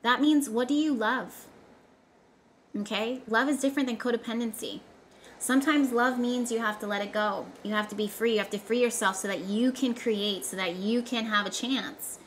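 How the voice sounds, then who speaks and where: In a relaxed tarot session aimed at her viewers, a woman talks with emphasis and frequent repetition for effect. Her pitch is a little high and her tone steady at a normal speed, with a little hiss or hum in the recording.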